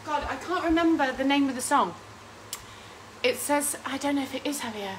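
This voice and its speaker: Chatty high-voiced woman cooking. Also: normal speed, slight background noise, rough recording. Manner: chatty and rambling, often laughing, reading out viewer comments. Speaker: host of a home cooking stream. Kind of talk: casual live-stream chat while cooking. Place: home kitchen.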